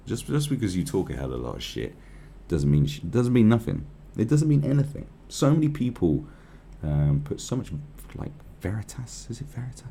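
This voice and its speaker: A man's voice: fairly low pitch, very animated, fairly quick, hardly any pauses, mellow, slight background noise. A man giving profane, rambling, sarcastic commentary on a news article.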